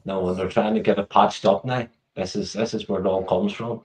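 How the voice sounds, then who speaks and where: A man's voice: lowish voice, steady tone, brisk, darkish tone. A man with a Belfast accent talking bluntly and swearing a lot as a guest in a casual stream chat. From Northern Ireland.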